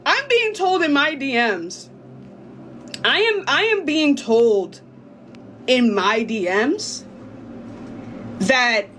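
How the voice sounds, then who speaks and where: A woman's voice: high voice, big pitch swings, drawn-out words, pauses often, fairly bright tone, slight background noise. A woman livestreaming, heated and threatening, breaking into laughter. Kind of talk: livestream rant.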